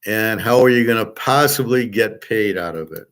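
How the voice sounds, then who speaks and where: A man's voice: on the low side, moderate pace, fairly bright tone. A man hosting a livestream, ranting and reading chat comments in a profane, sarcastic, combative way. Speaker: host.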